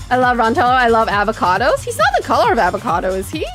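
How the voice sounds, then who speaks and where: A woman's voice: on the high side, very animated, fast talker, few pauses, fairly bright tone, faint music behind. A woman streamer giving casual, dramatic commentary while playing a game, ranting in exasperation at the story. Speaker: VTuber streamer.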